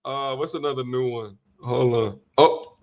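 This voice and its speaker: A man co-hosting a live talk stream, giving playful shout-outs and casual banter. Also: medium pitch, unhurried. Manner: hyped, playful shout-outs, laughing often. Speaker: livestream co-host reading super chats.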